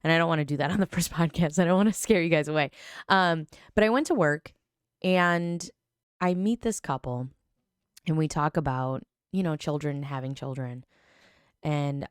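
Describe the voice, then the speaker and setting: A woman in her thirties hosting a podcast, telling a personal story in a chatty, animated way with many fillers and self-corrections. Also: low-pitched, moderate pace, clear, resonant tone, no echo, clean studio sound. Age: 30s. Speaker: podcast host. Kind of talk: casual storytelling.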